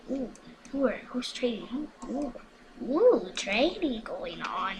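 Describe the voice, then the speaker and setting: A woman's voice: on the high side, very animated, slow pace, noisy background. A woman recording casual gameplay commentary at home, hyper and chatty, with frequent whispered asides. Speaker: gaming vlogger.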